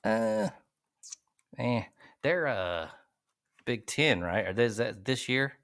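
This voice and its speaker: A man's voice: on the low side, animated, slow pace, a bit bright, no room sound, clean studio sound. A man hosting a podcast, rambling and swearing in crude casual chat. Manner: profane, rambling, laughs a lot. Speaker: podcast host.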